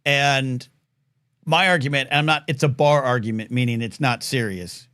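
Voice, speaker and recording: Rambling, animated talk show host man. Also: medium pitch, normal speed, clear, resonant tone, dry recording, studio quality. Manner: rambling, animated, stammering restarts. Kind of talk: casual call-in show chat.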